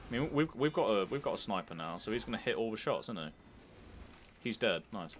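A man's voice: fairly low pitch, lively intonation, brisk, soft background music. A young man giving casual, sweary, joking commentary while streaming a game.

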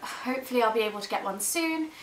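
A woman's voice: on the high side, expressive, quick pace, roomy sound, a little hiss or hum, low-quality recording. An eighteen-year-old woman from South East England, chatting to her camera in a rambling, giggly way on a built-in camera mic. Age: teens. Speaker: vlogger. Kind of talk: casual chat to camera.

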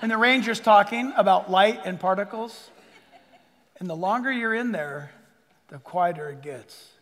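A male pastor preaching a sermon, animated, acting out little voices and dropping to a hush for emphasis. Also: high-pitched, measured pace. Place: church sanctuary. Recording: long hall reverb.

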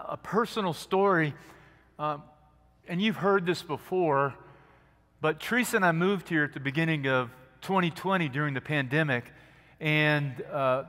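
A man preaching a sermon as pastor, earnest and gentle, dropping to a soft hush at quiet moments. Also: fairly high pitch. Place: church sanctuary. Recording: long church hall reverb.

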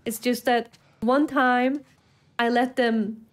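A woman's voice: on the high side, steady tone, takes it slowly. A young adult woman streamer giving casual, self-deprecating commentary while playing and talking to her chat. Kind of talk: casual live gameplay commentary.

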